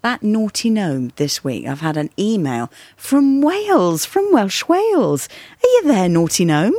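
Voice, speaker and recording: A woman's voice: mid-range voice, wildly swooping pitch, darkish tone, no room sound, studio quality. Playful woman hosting a comedy podcast. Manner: playful, giggly, quick to tease. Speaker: podcast host. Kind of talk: comic chat with a caller.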